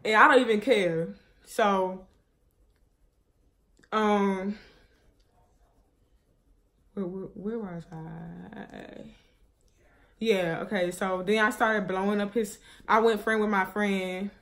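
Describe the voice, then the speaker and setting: A woman's voice: mid-range voice, steady tone, slow, long pauses, a bit bright. Grieving young woman, rambling vlog story. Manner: rambling, restarts often, many fillers; grieving, subdued and shaky. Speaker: vlogger. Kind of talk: emotional personal story to viewers.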